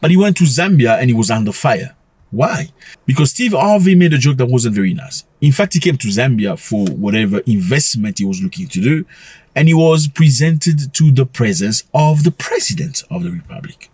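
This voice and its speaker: Man, casual commentary vlog, husky voice, lively swinging pitch, rhetorical questions, chuckling. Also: normal speed, no room sound. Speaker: commentary channel host.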